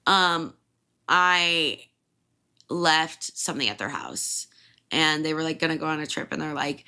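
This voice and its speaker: A woman in her twenties, a podcast host from Illinois, telling a story in a casual, animated way, laughing and swearing freely. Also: low-pitched, measured pace, gravelly.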